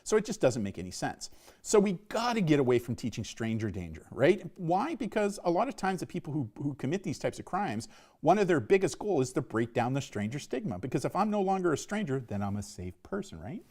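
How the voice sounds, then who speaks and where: Emphatic man with a lively voice. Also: a little high, a little fast. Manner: emphatic, repeats "right?" as a tag. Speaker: presenter on online safety for parents. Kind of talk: live online presentation.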